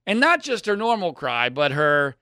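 A man, probably in his thirties, telling a personal story in an exasperated way, swinging between loud outbursts and low mutters. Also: big pitch swings, moderate pace, clean tone, dry recording, clean studio sound.

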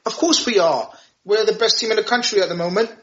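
A man, a guest in a casual football chat, who argues back quickly and insistently. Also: high-pitched, a bit bright, lo-fi sound. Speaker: podcast guest.

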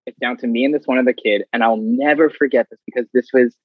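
A man, a guest, telling stories in a casual, animated way and acting out other people's lines. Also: mid-range voice, fast, husky, dry recording. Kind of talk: casual storytelling. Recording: dull, slightly muffled audio.

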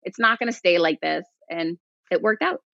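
A middle-aged woman, an author and podcast guest, telling stories in an animated way and acting out what others said. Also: on the low side, normal speed, vocal fry. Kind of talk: conversational storytelling. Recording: dull lo-fi dry sound.

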